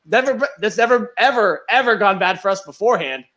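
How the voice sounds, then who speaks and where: A young man chats on a podcast, rambling and sarcastic with plenty of swearing. His voice sits a little high for a man. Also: animated, fairly quick, sharp tone. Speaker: podcast host. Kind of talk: casual profane podcast chat.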